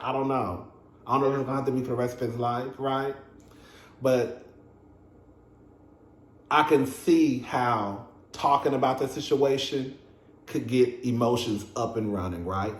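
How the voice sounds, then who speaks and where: A man's voice: medium pitch, echoey room. A man giving a casual, emphatic and profane recap of a reality TV episode, talking straight to his viewers as a show reviewer.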